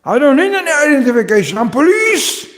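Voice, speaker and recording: A man's voice: fairly high pitch, lively intonation, slow pace, darkish tone, a little hiss or hum. A man voicing an indignant, flustered young male policeman in a lecture hall with a long echo. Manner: indignant, insistent.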